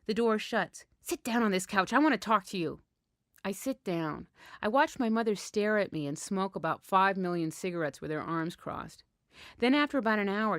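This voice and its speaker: A woman telling a first-person story in a frank, wry, deadpan way. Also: medium pitch, dry recording, studio quality.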